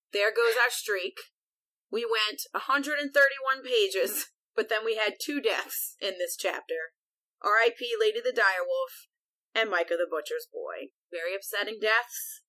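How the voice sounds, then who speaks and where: A woman's voice: mid-range voice, unhurried, bright, forceful tone, poor audio. A woman co-hosting a podcast, casually retelling a book chapter at length and peppering it with "like". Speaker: podcast co-host.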